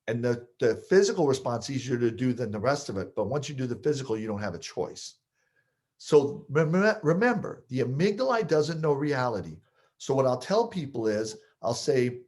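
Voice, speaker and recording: A man coaching listeners on triggers, explaining with lively stories he partly acts out. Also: mid-range voice, fairly quick. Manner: animated storyteller, acts out scenes. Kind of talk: explaining with stories, podcast talk.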